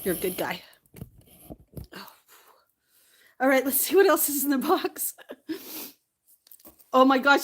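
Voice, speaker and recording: A woman's voice: high voice, expressive, slow, pauses often. A woman vlogger chatting casually to the camera, tearful at times and laughing often between lines.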